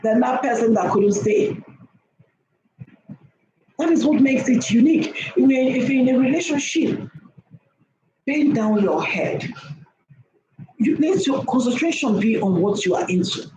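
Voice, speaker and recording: A woman's slightly high, expressive voice carries a dark tone as she moves at a measured pace, pausing often. She's giving women sermon-like relationship advice, repeating herself emphatically and asking "okay?" again and again, recorded in an echoey space with faint noise.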